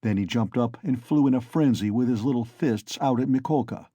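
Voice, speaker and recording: A man's voice: medium pitch, breathy edge, no room sound. Male audiobook narrator, dry close sound. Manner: measured, steady reading. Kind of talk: scripted narration of a classic novel.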